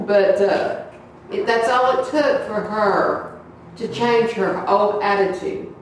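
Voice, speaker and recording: A woman's voice: medium pitch, moderate pace. A woman speaks to her church congregation in a loose, storytelling sermon, acting out voices and laughing along the way. She is recorded from a distance in a very echoey hall. A faint hiss sits under the sound. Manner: animated, acts out voices in her stories, laughs often.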